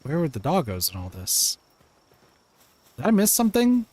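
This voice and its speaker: A man playing a game live at home speaks at normal speed, his slightly high, somewhat mellow voice swooping wildly in pitch with no echo. He banters with chat, answering messages and reacting as the game unfolds.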